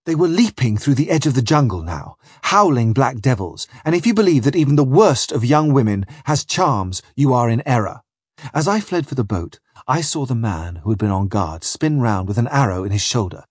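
A husky-voiced man narrates a first-person adventure tale, his pitch rising and falling with lively drama. The sound is close and dry, with no room around it. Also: normal speed, dry recording. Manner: vivid, dramatic storytelling. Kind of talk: first-person audiobook reading.

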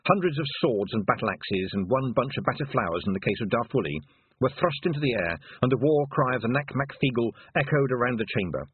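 Man narrating a storybook, very animated. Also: medium pitch, breathy edge, dry recording. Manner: animated, voices characters. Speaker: audiobook narrator. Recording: dry tinny phone-like sound.

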